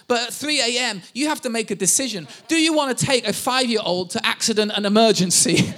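A man's voice: high-pitched, a little fast, few pauses, a bit bright. A man in his thirties, a pastor, preaching a sermon and telling family stories with self-deprecating humor.

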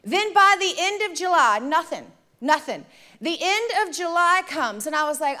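A woman preaching, telling a personal story to the congregation in an animated, conversational way. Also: extremely high pitch, moderate pace. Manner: animated, addresses the audience directly, conversational. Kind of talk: sermon storytelling.

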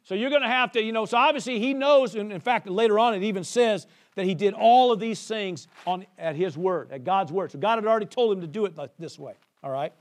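A man's voice: high-pitched, a little fast, few pauses. A man preaching a sermon, reading scripture with chatty asides and calls for the congregation to respond. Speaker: pastor.

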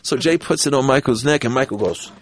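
A man guesting on a podcast, telling an anecdote in an animated, profane way and acting out the quotes. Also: mid-range voice, fairly quick, noisy background. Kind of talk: storytelling anecdote.

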